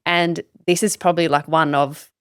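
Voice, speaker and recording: Low smooth-voiced woman from sweden, swears a lot, says like and you know constantly, dry close mic. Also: little pitch movement, normal speed, no echo. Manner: candid and emphatic, swears freely, many "like" and "you know" fillers. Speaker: guest, business coach. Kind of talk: casual podcast interview.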